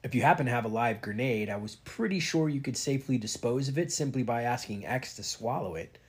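A man's voice: mid-range voice, expressive, fairly quick, husky. A man reading a novel aloud in a casual way, giving the characters light voices. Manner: reads with light character voices and stops to chat. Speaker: reader.

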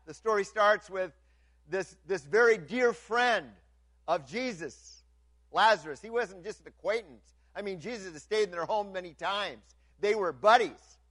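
A pastor with a notably high voice preaches to his congregation at a slightly slow pace, with no room sound. He stumbles over repeated words when restarting, then shifts from loud, lifted passages to near-hushed lines.

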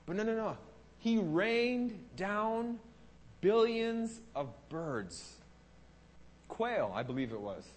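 A man preaching a sermon to a congregation, animated and dramatic, acting out the words of God and the Israelites. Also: high-pitched, slow, pauses often, slight background noise. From Canada. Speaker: pastor.

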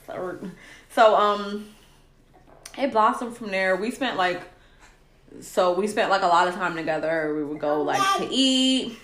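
A woman's voice: mid-range voice, measured pace, a bit bright, reverberant. A woman in her thirties chatting casually about her relationship, laughing often and acting out what people said. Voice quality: laughing, emotional storytelling, acts out quotes. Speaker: podcast guest telling her love story. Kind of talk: casual chat.

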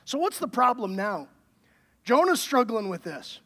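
A man's voice: very high voice, big pitch swings, a little slow, sharp tone. Man preaching with emphatic questions. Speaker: pastor. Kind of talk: sermon.

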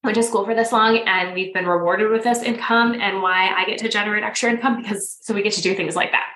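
Woman in her thirties, podcast guest, coach, bright clear voice, roomy echo. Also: mid-range voice, quick pace, slight background noise. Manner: animated storyteller, acts out quoted dialogue. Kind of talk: casual podcast interview.

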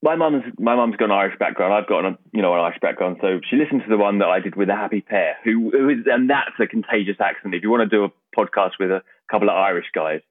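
A man with an Essex accent talks in a relaxed podcast conversation and often laughs at himself. His sentences break off and restart as he goes. The sound is dry and narrow, like it comes down a phone line. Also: lowish voice, quick pace, few pauses, no echo. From England. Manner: self-deprecating, laughs often, many restarts. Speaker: podcast guest. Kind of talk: casual chat.

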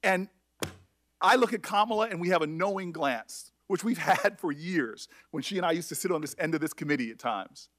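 Emotional man with a high voice. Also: fairly bright tone. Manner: emotional, halting with repeated restarts. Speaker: senator speaking at a hearing. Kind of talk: emotional public address.

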